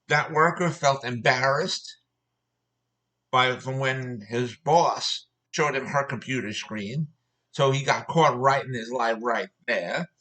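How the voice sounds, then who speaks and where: Angry, bright-voiced man ranting. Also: mid-range voice, poor audio. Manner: angry, profane, repetitive. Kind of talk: ranting personal story.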